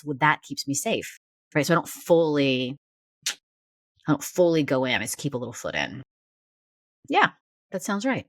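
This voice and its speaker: Low-voiced woman, halting and near tears. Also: lively intonation, dry recording, clean studio sound. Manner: halting, searching, many restarts. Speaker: podcast host and counselor. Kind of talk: reflective therapy conversation.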